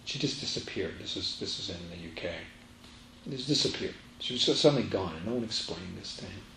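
A man's voice: low-pitched, animated, brisk, creaky, fairly bright tone, slight background noise. A man giving a spiritual teaching talk to a live audience, emphatic and repeating his phrases as he tells a story. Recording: roomy echo, faint ambience.

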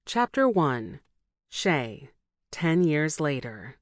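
Lady reading an audiobook, low voice, intense and emotional, dry close sound. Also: very animated, extremely slow, dry recording. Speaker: audiobook narrator. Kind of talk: first-person audiobook narration.

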